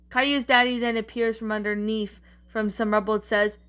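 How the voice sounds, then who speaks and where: A woman's voice: fairly high pitch, little pitch movement, moderate pace, few pauses, fairly bright tone, clean tone. A woman narrating a creepypasta-style story, reading aloud with frequent stumbles and restarts. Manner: reads with frequent slips and restarts. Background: faint background music.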